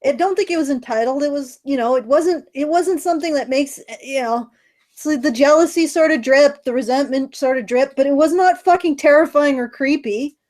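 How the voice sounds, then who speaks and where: Woman, podcast co-host; high voice, blunt, sarcastic, swears freely. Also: brisk, darkish tone. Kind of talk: casual chat.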